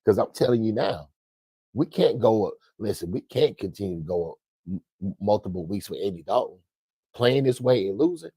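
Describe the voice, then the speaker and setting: A man's voice: fairly low pitch, expressive, normal speed, warm tone, breathy edge, dry recording. A man hosting a sports commentary show, ranting in a profane, emphatic way and repeating his points. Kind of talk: fiery sports rant.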